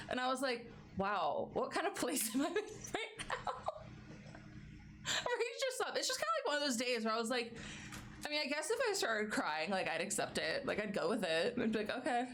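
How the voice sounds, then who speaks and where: A woman's voice: fairly high pitch, fairly bright tone. A young adult woman streamer chatting casually and laughing often between stories. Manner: chatty, giggly, baby-talks her pets. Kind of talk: casual chat.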